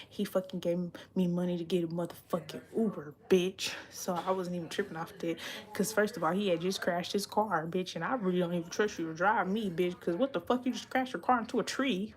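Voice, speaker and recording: A young adult woman chatting casually on a livestream, blunt and profane, rambling and sometimes dropping into a whisper. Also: fairly low pitch. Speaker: livestream host. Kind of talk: casual confessional livestream chat.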